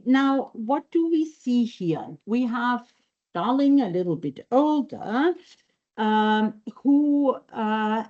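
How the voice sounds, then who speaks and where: A woman lecturer giving an academic seminar talk, measured and thoughtful, pausing on frequent ums. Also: on the high side, warm tone, highs cut off. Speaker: university lecturer. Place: university seminar room.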